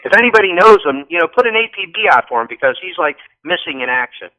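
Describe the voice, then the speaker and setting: A man calling in to a political talk show, speaking in an animated, rambling way with repeated restarts. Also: a little high, quick pace. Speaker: call-in guest. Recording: muffled phone line.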